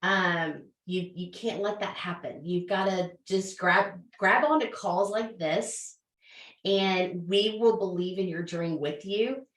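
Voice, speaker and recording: Woman hosting a business call, earnest and emotional, lower voice, roomy sound from a distance. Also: takes it slowly. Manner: earnest and emotional, many fillers and restarts. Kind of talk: motivational talk on a video call.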